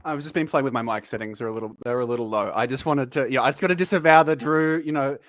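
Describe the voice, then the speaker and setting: A man co-hosting a stream, making wry, unhurried remarks. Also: medium pitch. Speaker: co-host. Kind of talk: casual stream chat.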